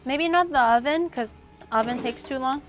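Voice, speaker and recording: A woman's voice: sits high, moderate pace, soft background music. A young woman chatting casually on a cooking livestream, thinking aloud and snapping back at her chat. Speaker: cooking streamer.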